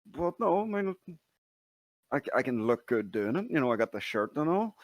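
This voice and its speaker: A man's voice: medium pitch, very animated, moderate pace. A man in his thirties co-hosting a casual podcast, telling stories in a dry, self-mocking way. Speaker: podcast co-host.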